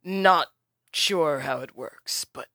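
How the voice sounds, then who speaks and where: A game master doing a stern half-orc woman who leads with formal, measured authority. The tone is bright and forceful, and the recording is dry and close. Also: mid-range voice, dry recording. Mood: urgent.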